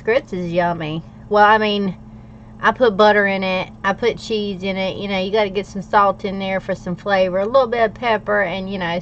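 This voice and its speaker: A woman's voice: mid-range voice, a little hiss or hum. Chatty woman hosting a livestream. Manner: chatty and playful, reads viewer comments aloud, laughs often. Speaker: livestream host. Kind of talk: casual livestream chat while journaling. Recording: slightly dull lo-fi audio.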